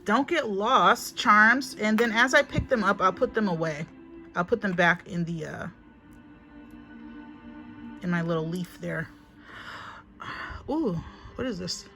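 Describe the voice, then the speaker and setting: A woman's voice: lowish voice, lively intonation, measured pace, vocal fry, long pauses, a bit bright, faint music behind. Chatty woman giving a spiritual reading. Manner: chatty, repetitive, emphatic, often addresses viewers as honey. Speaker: spiritual reader. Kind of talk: casual spiritual reading to camera. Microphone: phone.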